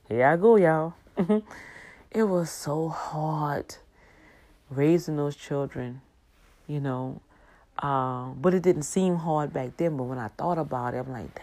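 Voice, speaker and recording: A woman in her fifties with an animated, exclamatory, preachy manner, talking casually about her faith to her viewers. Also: low voice, a little slow. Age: 50s. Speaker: faith vlogger.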